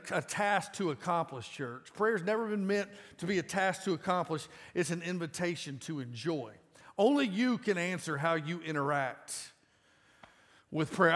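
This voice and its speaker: A man in his forties preaching a sermon to a congregation in a casual, emphatic way that breaks into loud bursts. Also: high voice. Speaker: pastor. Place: large church auditorium. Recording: live church sound with long reverb.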